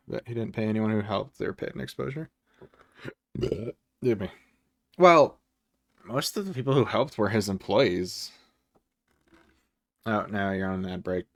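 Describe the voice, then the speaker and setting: A man with a low, gravelly voice talks casually on a live stream from home, rambling between topics and swearing freely. His voice is recorded dry and close, with no room sound around it. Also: normal speed, pauses often, darkish tone, no echo. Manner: rambling, profane, chuckles often. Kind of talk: casual livestream chat.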